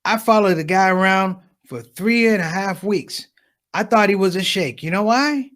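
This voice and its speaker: A man doing a stand-up comedy set on a conference stage, telling stories and acting out the people in them with quick shifts in voice. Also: sits high. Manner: animated storytelling, acts out characters with quick shifts in voice.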